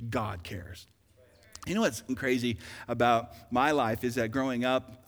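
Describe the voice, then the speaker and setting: A pastor in his forties preaching a sermon, swinging from loud urgent calls to quiet intimate asides. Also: a little high. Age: 40s. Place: large church hall. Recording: long hall reverb.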